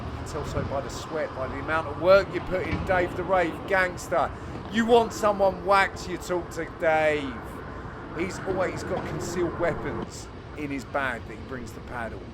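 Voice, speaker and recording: A man giving a cheeky, jokey, self-mocking voice-over commentary on amateur match footage, with bursts of excitement. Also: on the high side, normal speed, heavy background noise. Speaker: channel host and commentator.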